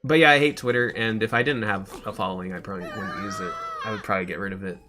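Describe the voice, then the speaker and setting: A man's voice: on the low side, wildly swooping pitch, quick pace, music in the background. A young man streaming a game, rambling in casual chat and laughing often.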